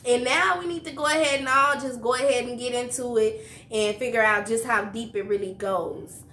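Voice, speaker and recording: Woman host, high and bright, lively slangy chat, echoey room. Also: moderate pace, a little hiss or hum. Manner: animated, laughs often, slangy. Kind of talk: casual interview.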